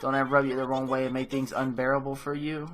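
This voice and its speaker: A man's voice: mid-range voice, flat delivery, fast talker, a bit bright, close to an everyday voice. A man voicing an insecure, apologetic teenage schoolgirl in a horror game. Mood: pleading.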